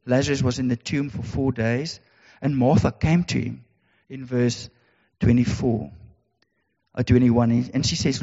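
A man's voice: medium pitch, measured pace, mellow, husky. A man preaching a sermon, earnest and repetitive, with emphatic rhetorical questions. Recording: dull sound in a reverberant hall.

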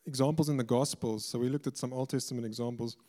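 A man's voice: mid-range voice, steady tone, fast, warm tone. A man preaching a sermon with earnest emphasis, often repeating words as he works through a point. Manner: earnest, stumbles and repeats words when explaining. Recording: reverberant hall.

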